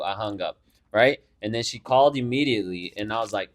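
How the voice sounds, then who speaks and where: A young man co-hosting a casual podcast with his sister, talking in an animated, profane, teasing way, a little quiet and echoey from a misplaced mic. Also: lowish voice, a little fast. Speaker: podcast co-host. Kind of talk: casual chat.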